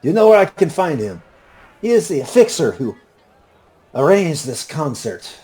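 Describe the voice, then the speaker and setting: A man's voice: a little high, sing-song, moderate pace, a little mellow, voice pushed up. Man putting on a suave accented businessman. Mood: courteous. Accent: put-on Spanish-style accent. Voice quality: smooth, formal phrasing. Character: suave male East Coast businessman, polite.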